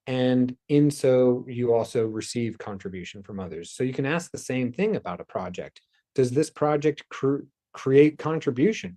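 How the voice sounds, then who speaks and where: Mellow-voiced man giving a spiritual talk. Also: medium pitch. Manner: loose, rambling, with sighs and whispered asides. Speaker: host. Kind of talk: spiritual self-help talk.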